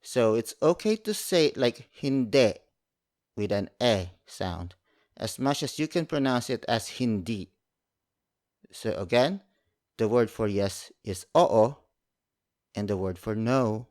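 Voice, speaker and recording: A man's voice: on the low side, lively intonation, unhurried, pauses often, darkish tone. A man teaching a language lesson, speaking carefully, repeating each word and spelling it out letter by letter.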